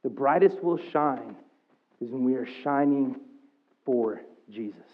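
A man preaching a sermon to his church, talking conversationally and rising in pitch and volume as he gets excited. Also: slow. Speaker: pastor. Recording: tinny phone-like sound.

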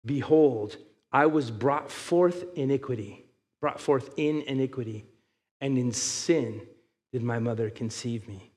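A man preaching a sermon, reading scripture aloud and building to loud, emphatic passages. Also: medium pitch, unhurried, in a large hall. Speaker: pastor.

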